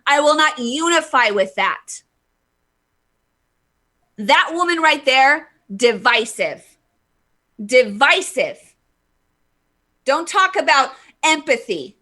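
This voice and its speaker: A woman's voice: high voice, sing-song, slow pace, long pauses, pushed and bright. A woman hosting a live vlog, ranting heatedly with emphatic stress and stumbling restarts while reading viewer comments. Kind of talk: impassioned live political rant.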